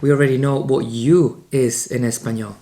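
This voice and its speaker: This Spanish teacher is from Spain and speaks with a Spanish accent, giving a beginners' lesson in a mellow, warm, medium-pitched voice with a steady tone. His pace is upbeat, but he slows right down to spell out each example sentence.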